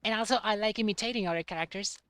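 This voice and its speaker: A young man streaming a game, chatting casually in a halting way and repeating words. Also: high voice, a bit bright, clean tone, no room sound. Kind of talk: casual chat while playing a game.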